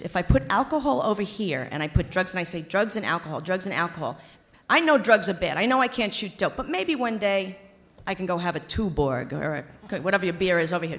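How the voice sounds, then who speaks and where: A woman's voice: medium pitch, a bit bright. An older woman telling her recovery story at a meeting, blunt and profane, joking as she goes. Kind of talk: personal testimony to a meeting.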